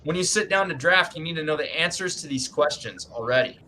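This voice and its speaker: A man's voice: on the high side, lively intonation, fairly quick, noisy background. A man giving writing advice in a casual group video chat, emphatic and folksy, often tagging lines with "man", speaking from his home writing room.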